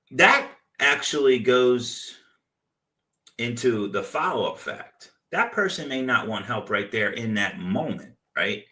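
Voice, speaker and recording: A man hosting a real estate investing show, giving a loose, animated motivational talk full of stories and "like". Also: medium pitch. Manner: loose, animated storytelling with frequent "like". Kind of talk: casual motivational talk with anecdotes. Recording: echoey room, distant from the mic.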